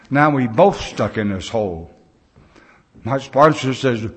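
A man's voice: medium pitch, moderate pace, fairly bright tone. A man in his sixties speaking at a recovery meeting, telling stories in a folksy, plain-spoken way with loose grammar.

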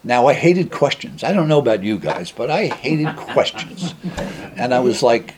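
A man's voice: medium pitch, big pitch swings, normal speed, darkish tone, slight background noise. A middle-aged man telling a rambling, self-mocking story at a meeting, with many fillers and laughs. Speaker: speaker sharing his story at a recovery meeting.

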